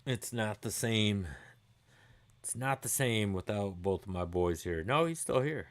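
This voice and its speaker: Chatty middle-aged man, lowish voice. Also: lively intonation, unhurried. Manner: loose and chatty, swears freely, laughs easily. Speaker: livestream host. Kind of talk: casual chat answering viewer comments.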